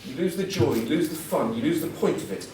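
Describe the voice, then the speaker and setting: A man's voice: fairly high pitch, animated, a little fast, mellow, slight background noise. A middle-aged man giving a chatty, self-deprecating talk as a guest speaker, telling anecdotes to an audience. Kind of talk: after-dinner style motivational talk. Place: large event hall before an audience. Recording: echoey hall, voice from far off. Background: audience laughter.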